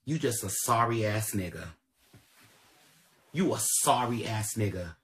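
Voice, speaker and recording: Pitched on the low side with lively intonation, a slightly bright male voice moves at a measured pace through a livestream rant. The commentator speaks AAVE in a profane, repetitive, confrontational way.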